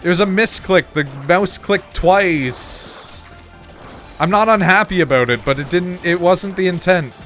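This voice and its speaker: A man's voice: high voice, measured pace, a bit bright, faint music behind. A man casually commenting on a game he is playing while chatting with his viewers, loose and profane. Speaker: streamer.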